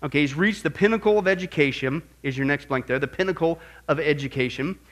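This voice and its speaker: A middle-aged man teaching a Bible class in an animated sermon style, swinging from quiet asides to loud exclamations. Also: a little high, fast talker.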